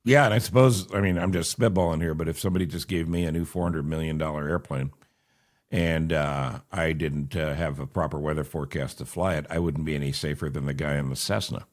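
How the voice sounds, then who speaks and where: A man's voice: rumbling low, steady tone, fairly quick. A middle-aged man hosting a conversational interview, chatting with wry, joking asides. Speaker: talk show host.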